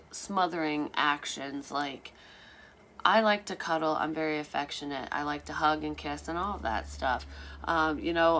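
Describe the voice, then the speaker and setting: A woman's voice: low voice, fairly bright tone, a little hiss or hum. A woman telling a personal story in a casual vlog, candid and rambling, swearing freely and filling gaps with "um".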